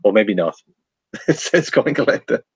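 A man hosting a relaxed live stream, reading out viewer comments and talking over charts. His voice sits fairly low, and he laughs easily between remarks. The sound is dry and close, with no room around it. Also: moderate pace, breathy edge, no echo. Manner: chatty, reads viewer comments aloud, laughs often, trails off.

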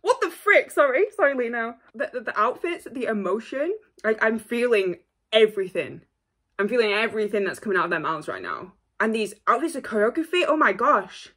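Gushing woman reacting to a music video. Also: on the high side. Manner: gushing, apologetic, quick bursts of excitement. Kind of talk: casual reaction commentary.

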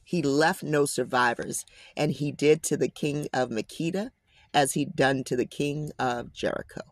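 In a medium-pitched, fairly even voice at a measured pace, a Bible commentator reads passages and adds emphatic, casual commentary. He keeps addressing his audience as "guys" and drops slangy asides, with no echo in the recording.

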